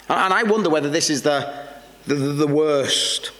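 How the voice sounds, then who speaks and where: A man's voice: on the high side, a bit bright. Earnest preacher man in a reverberant hall. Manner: earnest, searching delivery with many halting repeats. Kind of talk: sermon. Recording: long reverb with faint background noise.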